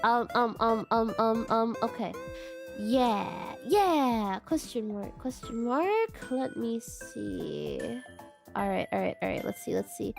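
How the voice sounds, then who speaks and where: A woman's voice: on the high side, animated, slow pace, over music. A young woman streaming a casual question-and-answer chat, who giggles often and keeps saying "question mark" as a filler. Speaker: VTuber streamer.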